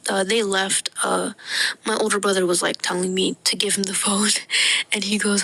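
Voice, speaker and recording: A woman from the United States narrating a storytime video in a lively, jokey way, acting out the people she quotes and dropping into whispered asides. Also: medium pitch, normal speed, gravelly, low-quality recording. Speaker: storytime animator. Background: background music.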